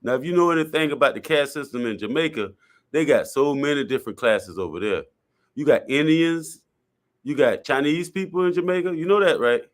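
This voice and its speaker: Man, fairly high voice, blunt slangy talker who repeats himself for emphasis. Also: lively intonation, brisk. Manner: blunt, colloquial, repeats points. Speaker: guest speaker. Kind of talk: casual discussion.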